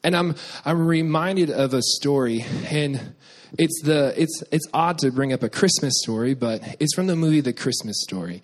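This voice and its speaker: A young man preaching a sermon, telling a childhood story with lively quoted voices before reading scripture. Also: fairly high pitch, normal speed. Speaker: pastor.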